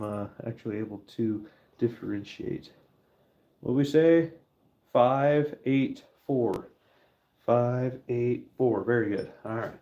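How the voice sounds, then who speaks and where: A man's voice: medium pitch, lo-fi sound. A middle-aged man chatting casually to camera while stamping a silver bar, joking and talking to his dog as he works.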